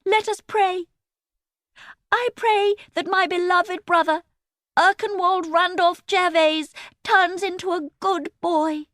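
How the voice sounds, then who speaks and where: A woman reading a storybook, voicing a bossy young girl turned pious, in a sweet, cooing, high-pitched voice. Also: steady tone, slow pace, fairly bright tone, no room sound, studio quality, exaggerated voice.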